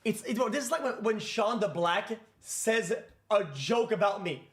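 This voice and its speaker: A man with a high voice rants in a streamed clip, brushing things off with clear irritation. He talks quickly and bluntly, in a loose, casual way. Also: fairly bright tone. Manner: irritated, dismissive.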